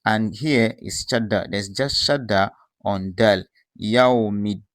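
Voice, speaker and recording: A man teaching pronunciation, calmly explaining and posing rhetorical questions as he contrasts correct and incorrect forms. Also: lowish voice, takes it slowly, no room sound, studio quality. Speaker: Quran recitation teacher. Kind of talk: explanatory lesson with recited examples.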